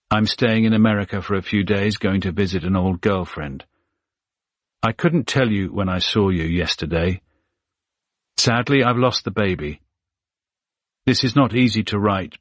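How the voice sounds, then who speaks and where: A man's voice: sits low, dry recording. A man voicing a woman writing a sad, resigned farewell to her husband. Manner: subdued and resigned. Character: estranged wife, sad, resigned.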